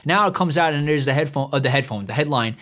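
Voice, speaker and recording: Brief: man, about 30, rapid-fire podcast ranter, slightly high voice, swears and stumbles over restarts. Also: animated, fairly bright tone. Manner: swearing, stammering restarts, heated rambling. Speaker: podcast host. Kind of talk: profane comedic rant monologue.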